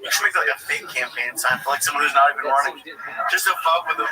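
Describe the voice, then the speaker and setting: A man chatting casually and telling a quick story of his own. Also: on the high side, huge pitch swings, recorded from a distance, a crowd in the background, rough recording. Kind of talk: casual chat.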